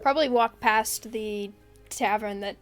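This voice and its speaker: A woman running a tabletop game as game master, playful and quick to laugh. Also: fairly high pitch, soft background music.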